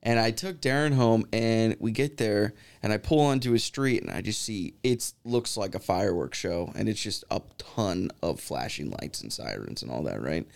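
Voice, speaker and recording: A man's voice: fairly low pitch, normal speed, gravelly, hardly any pauses. A young man in casual podcast chat, telling stories and acting out the people in them. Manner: animated storyteller acting out quoted voices.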